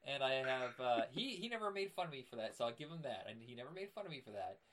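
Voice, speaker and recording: Young guy podcast cohost, animated storyteller, medium pitch, gets loud acting stuff out. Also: fast. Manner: animated storyteller, acts out scenes with loud outbursts. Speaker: podcast co-host. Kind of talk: casual chat.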